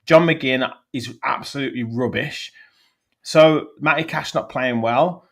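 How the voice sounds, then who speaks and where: A man's voice: mid-range voice, unhurried, vocal fry, a bit bright. A man, a guest fan on a football podcast, ranting bluntly about his team.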